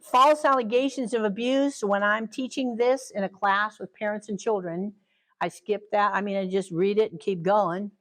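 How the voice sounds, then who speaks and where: An older woman leads a parenting training session in a relaxed, conversational way. She laughs easily and slips into quick acted-out quotes of children and parents to make her points. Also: medium pitch, rough recording. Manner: chatty, laughs often, acts out quotes. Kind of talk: casual teaching talk.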